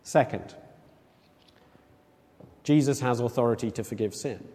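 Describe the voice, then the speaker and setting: A man preaching a sermon in a conversational, animated way, acting out quoted voices. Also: mid-range voice, unhurried. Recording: long echo of a large hall.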